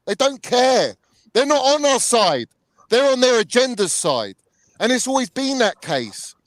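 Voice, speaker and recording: Hosting a heated live chat on his channel, a young man rants angrily, swearing and saying "bruv" again and again. His very high voice swings widely in pitch at a measured pace, in a dry recording.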